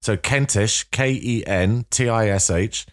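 Male podcast host from North London, low-pitched, wry and playful. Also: a little slow. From England. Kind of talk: podcast interview.

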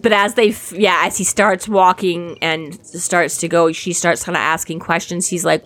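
Animated woman recapping a book. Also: fairly low pitch, normal speed, hardly any pauses. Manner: animated, laughing, acts out quotes. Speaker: podcast co-host. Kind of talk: casual chat recapping a book.

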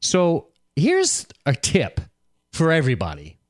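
A man co-hosting a podcast, recapping a TV show in casual chat, excitable and swearing freely. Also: fairly high pitch, measured pace, no echo, studio quality. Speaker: podcast co-host.

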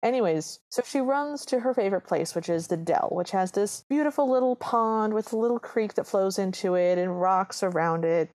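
Podcast cohost lady, sarcastic and exasperated, mid-pitched voice, chatty movie recap. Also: normal speed, hardly any pauses, darkish tone. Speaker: podcast co-host. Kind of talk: comedic movie recap chat.

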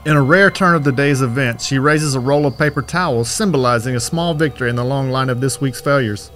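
A man's voice: mid-range voice, a little fast, a bit bright. Man narrating horror over faint music.

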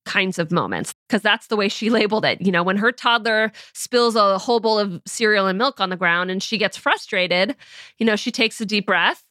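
Animated and moderately paced, a woman in her thirties hosts a podcast in a mid-range voice, with clean studio sound and no room noise. Her conversational style leans on fillers such as "you know," broken up by frequent soft laughs.

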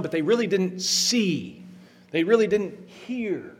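A middle-aged man preaching a sermon, earnest and emphatic, slowing down to stress repeated phrases. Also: on the high side. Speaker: pastor.

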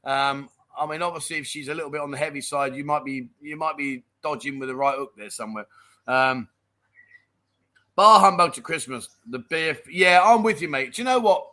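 A man's voice: a little high, brisk, pushed and bright. A middle-aged man hosting a casual live chat show, reading out viewer comments, joking and laughing often and calling people mate.

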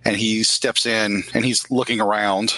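A man's voice: on the low side, flat delivery, a little slow, sharp tone, dry recording, low-quality recording. A man narrating as game master of a tabletop role-playing game, descriptive with casual fillers.

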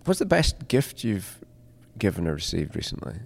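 A Scottish man interviews with a very deep, gravelly voice. His pitch swings about a lot. He rambles and restarts his questions. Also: huge pitch swings, normal speed. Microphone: handheld microphone held toward guest.

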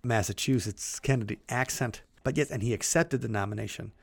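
A man co-hosting a podcast, reading old newspaper clippings aloud in a brisk, animated way and chatting loosely in between. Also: mid-range voice, gravelly, no room sound. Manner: reads quotes in a brisk, animated way, then chats loosely. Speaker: podcast co-host.

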